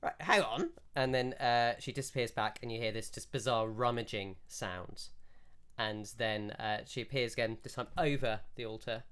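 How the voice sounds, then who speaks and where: A man narrating as game master in a tabletop game, rambling and relaxed. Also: medium pitch, normal speed, clear, resonant tone.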